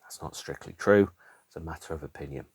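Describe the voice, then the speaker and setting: A man's voice: rumbling low, a little fast, a little mellow, husky, no room sound. A man in his fifties from Birmingham, England, hosting a podcast in a wry, self-mocking monologue full of asides. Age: 50s. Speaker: podcast host. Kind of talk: casual solo podcast monologue.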